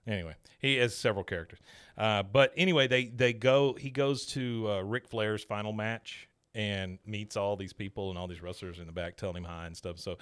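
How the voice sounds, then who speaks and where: Smooth-voiced man rambling casually. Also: on the low side, fairly bright tone. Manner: rambling, halting, many fillers and restarts. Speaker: podcast co-host recapping episodes. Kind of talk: casual chat.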